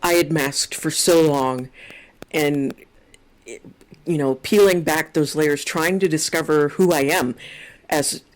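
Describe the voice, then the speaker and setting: A woman with a slightly low voice speaks as a guest on a casual podcast. She reflects candidly on her experience, often acting out her own inner thoughts in quotes. Her delivery is conversational and unhurried.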